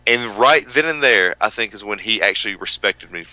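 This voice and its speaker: A man co-hosting a wrestling radio show, with a booming voice that swings between hollering and low mutters. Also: lively intonation, brisk, sharp tone, no echo, poor audio. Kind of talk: loud rambling radio banter.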